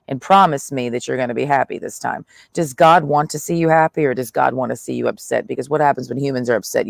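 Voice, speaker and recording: A man's voice: fairly high pitch, gravelly, no echo, studio quality. A man in a blunt, profane monologue, speaking in the first person as God, full of slang and swearing. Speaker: vlogger.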